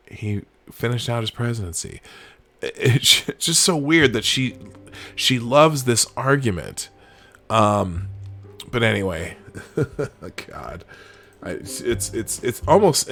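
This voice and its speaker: A man's voice: mid-range voice, fairly bright tone. Rambling sarcastic male show host. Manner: rambling and sarcastic, with frequent fillers and restarts. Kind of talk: casual news commentary, reading headlines aloud.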